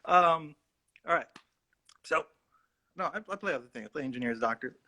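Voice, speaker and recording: A man's voice: a little high, expressive, normal speed, sharp tone. A male actor telling a rambling, self-mocking story in a casual livestream chat. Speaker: actor guest.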